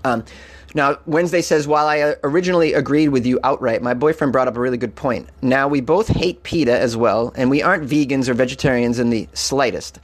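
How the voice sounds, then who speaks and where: A man's voice: medium pitch, brisk. A man casually reading a viewer's message aloud and commenting on it, with a loose delivery full of fillers and small restarts.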